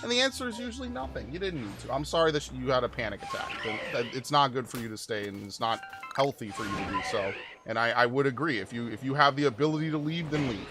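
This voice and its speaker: A man's voice: mid-range voice, expressive, fast, few pauses. A man in his forties from New York, a gaming channel host giving a blunt, profane, restart-filled rant during casual gameplay. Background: game music.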